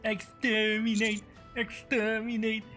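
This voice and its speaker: A woman voicing cold robotic android soldiers with slow, clipped, mechanical chanting. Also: medium pitch, level tone, bright, forceful tone, soft background music. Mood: menacing.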